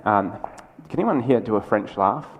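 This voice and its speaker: A man giving a conversational, energetic conference keynote, with quick asides and restarts. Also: fairly low pitch, dull audio. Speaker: keynote speaker. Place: large lecture hall. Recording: lecture hall with long reverb.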